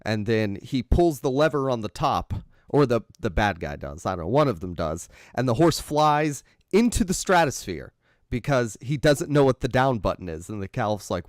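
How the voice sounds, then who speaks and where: A man's voice: medium pitch, very animated, normal speed, no room sound, studio quality. A man co-hosting a casual film chat, meandering and thinking aloud as he retells a story. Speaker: podcast co-host. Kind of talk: casual chat about films.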